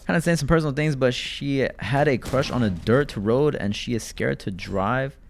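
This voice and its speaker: A man's voice: medium pitch, moderate pace, creaky, a little hiss or hum. A man streaming live and chatting casually with his viewers, talking in a laid-back, rambling way and often addressing the chat directly.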